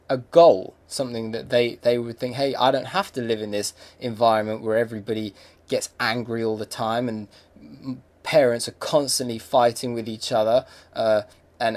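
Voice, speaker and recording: A man's voice: medium pitch, darkish tone. A young English man hosting a podcast, talking in a rambling, reflective monologue with many fillers and restarts. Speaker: podcast host. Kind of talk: casual monologue.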